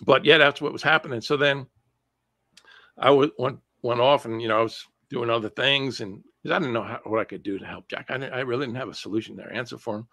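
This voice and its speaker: A man speaking as an interview guest, recounting a personal story in a loose, chatty way. He is animated and often restarts his sentences mid-thought. His voice sits at a middling pitch and sounds dry, with no room echo. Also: quick pace.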